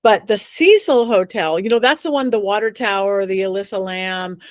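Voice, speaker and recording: Speaking at a normal speed in a medium pitch, this middle-aged woman is a psychic medium guest in an interview. She spins dramatic, animated stories, performing the voices of those she quotes, and the recording has no room sound.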